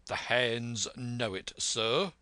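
A man voicing a stern, blunt sea captain who talks in a measured, firm way in a storybook reading. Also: medium pitch, pushed and bright, dry recording.

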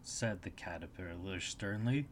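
A man reading a storybook aloud as narrator, steady and even. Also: deep voice, unhurried.

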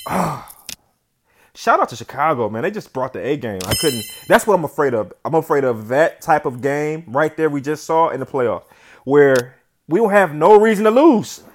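This man, a gamer, narrates his own football video game in a chatty, slangy way, shifting between loud yells and low mutters.

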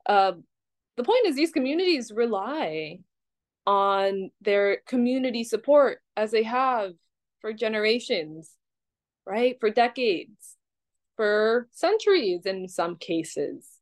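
A woman's voice: fairly high pitch, expressive, slow pace, rough recording. A woman from Hawaii explaining options in a documentary interview, conversational and a little wry.

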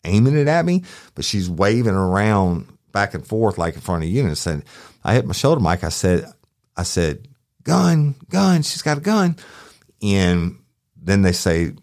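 Very deep-voiced man telling a story. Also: animated, normal speed, darkish tone, no echo, studio quality. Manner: rambling, profane, acts out quotes. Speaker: podcast host, former sheriff's deputy. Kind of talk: casual true-crime storytelling.

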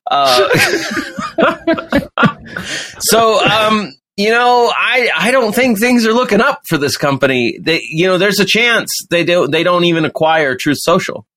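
A man's voice: sits high, very animated, a little slow, sharp tone. A man hosting a casual podcast chat, joking sarcastically, laughing often and restarting his sentences. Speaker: podcast host.

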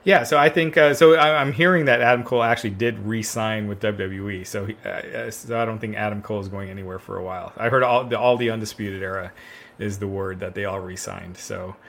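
A man's voice: on the low side, fairly even intonation, quick pace, creaky, fairly bright tone, a little hiss or hum. Rambling man in casual wrestling chat. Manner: rambling, fills with "uh" and restarts. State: drinking wine, relaxed. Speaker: podcast co-host.

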